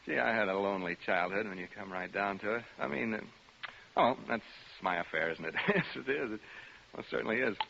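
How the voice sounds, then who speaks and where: An actor in a 1940s radio play, playing a radio DJ alone in a haunted house who rambles and hums to himself. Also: male voice, fairly low pitch, fairly quick, vocal fry, bright, forceful tone, slight background noise. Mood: wistful. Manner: rambling, jittery, talks to himself and hums a tune. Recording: muffled 1940s radio recording.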